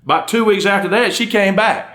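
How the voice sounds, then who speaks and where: On stage before a live audience, a middle-aged country undertaker with a Southern US accent spins folksy comic tales. He drawls and laughs at his punchlines, and his voice is high, fairly quick and fairly bright.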